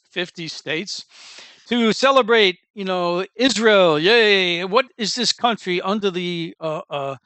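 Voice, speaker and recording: A man's voice: fairly high pitch, fairly bright tone, dry recording. A man hosting a casual commentary show, talking in a sardonic, rambling way with fillers and sarcastic asides.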